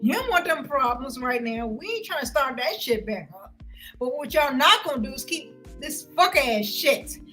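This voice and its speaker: High, bright, heated woman ranting. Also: lively intonation, normal speed, faint music behind, rough recording. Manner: loud, heated and confrontational, with frequent cursing. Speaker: vlogger ranting to viewers. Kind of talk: profane livestream rant.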